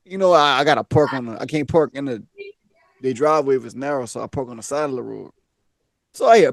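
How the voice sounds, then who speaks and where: A man co-hosting a comedy podcast, telling an animated story, laughing often and acting out each character. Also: on the high side, fairly quick, pauses often, no echo, clean studio sound. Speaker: podcast co-host.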